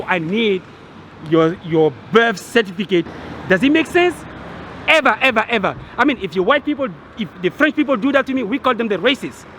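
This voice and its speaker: A man with a high voice vents his frustration to the camera on a city street. He is agitated and exasperated, tripping over restarts and repeating himself. Faint traffic hums behind him. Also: fairly bright tone. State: agitated, annoyed. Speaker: vlogger. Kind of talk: angry rant to camera.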